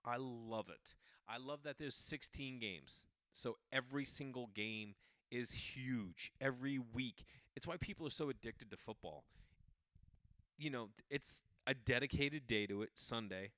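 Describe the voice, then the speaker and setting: A man from the Boston area hosting a podcast, telling casual comic stories in an animated, chatty way. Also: mid-range voice, unhurried, no room sound, clean studio sound. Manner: animated, jumps into quoted voices, loose and chatty. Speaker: podcast host.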